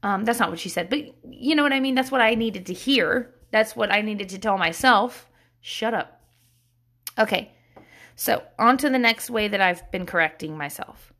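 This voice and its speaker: A woman's voice: mid-range voice, lively intonation, normal speed, fairly bright tone. A woman, a mother of young kids, giving a candid, casual self-help talk, swearing freely and laughing often.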